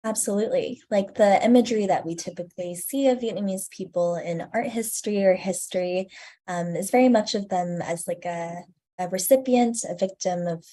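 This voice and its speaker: A woman in her twenties answering interview questions earnestly and reflectively, with frequent ums, her sentences trailing off softly. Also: medium pitch, normal speed. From United States. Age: 20s. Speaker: guest, student curator.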